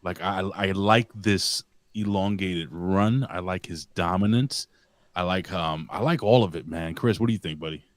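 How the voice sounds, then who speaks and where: A man's voice: low voice, normal speed, no echo, clean studio sound. A man co-hosting a casual wrestling podcast, rambling in a buddy-style way with plenty of swearing. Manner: rambling, profane, buddy-style talk with restarts. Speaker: podcast co-host. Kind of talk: casual wrestling review chat.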